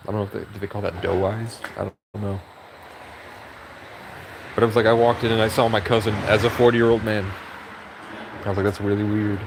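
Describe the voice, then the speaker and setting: A man's voice: on the low side, little pitch movement, brisk, vocal fry, pauses often, noisy background. Give me a wired, sleep-deprived young man rambling on a phone stream. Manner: rambling, jittery, swears freely. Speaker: livestreamer. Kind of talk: casual rambling livestream chat. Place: at a car service garage, outdoors.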